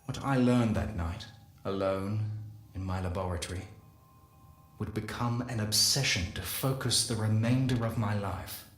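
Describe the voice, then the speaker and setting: A man giving a dramatic first-person story reading, slow and measured with deliberate pauses. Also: on the low side. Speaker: lore reader. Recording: echoey room.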